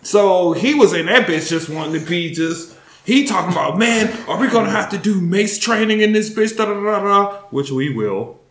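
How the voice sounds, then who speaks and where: Animated bright-voiced man telling stories. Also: sits high, normal speed, roomy sound. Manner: laughing, profane, animated retelling. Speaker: podcast host. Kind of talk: casual storytelling chat.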